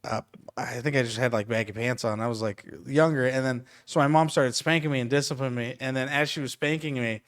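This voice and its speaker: Man, podcast host, comedian, casual chat, laughing, animated storytelling. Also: medium pitch, a little fast. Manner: animated storyteller, laughs through his stories.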